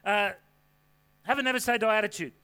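A man preaching a sermon to a congregation from a church stage, with an energetic, folksy delivery full of rhetorical questions. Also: high-pitched, a little fast, clear, resonant tone. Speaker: pastor.

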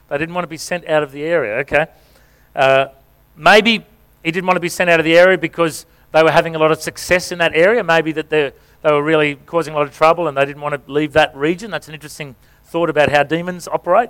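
Jokey pastor with a clear voice. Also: male voice, a little high, a bit bright. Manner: jokey, playful, coaching volunteers on stage. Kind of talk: sermon with acted-out scripture reading. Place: church stage before a congregation.

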